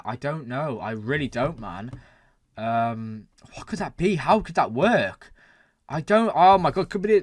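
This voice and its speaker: A man hosting a reaction channel, excitedly talking through a TV episode and thinking aloud, with lots of exclamations and fillers. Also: fairly high pitch, no echo, clean studio sound.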